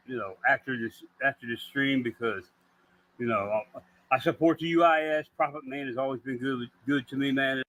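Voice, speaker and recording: A man's voice: mid-range voice, fairly bright tone, low-quality recording. A man chatting as a guest on a live stream in a laid-back way, often tagging "man" onto his sentences. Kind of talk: casual live-stream chat.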